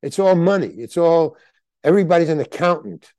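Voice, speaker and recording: An older man spins loose, rambling stories in a relaxed interview, slipping into the voices of the people he quotes. His voice sits fairly high but has a dark, mellow tone. The sound is dry and close. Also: fairly quick, no echo. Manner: rambling storyteller, acts out quoted dialogue. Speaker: guest actor. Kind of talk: casual anecdotal interview.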